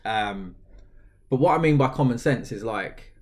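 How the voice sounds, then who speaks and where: A young man co-hosting a podcast, thinking aloud in a rambling, hesitant way and laughing often. His voice sits at an ordinary mid pitch. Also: lively intonation, unhurried. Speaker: podcast co-host. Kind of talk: casual chat.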